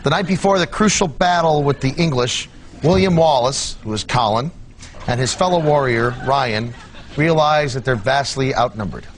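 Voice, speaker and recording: A man's voice: medium pitch, normal speed, slight background noise. A man hosting a comedy show, explaining the rules of a game in a matter-of-fact way.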